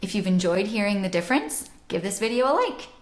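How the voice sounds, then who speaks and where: A woman soprano teaching a music lesson, explaining pronunciation slowly and deliberately and sounding out vowels aloud. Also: medium pitch, big pitch swings. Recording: roomy echo.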